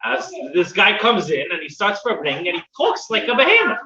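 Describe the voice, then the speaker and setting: A man teaching a class to a live audience, telling stories in a halting way with many repeated words and restarts. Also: sits high, wildly swooping pitch, noisy background. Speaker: teacher giving a weekly class. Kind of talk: storytelling in a religious class. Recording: distant, dull, roomy with audience.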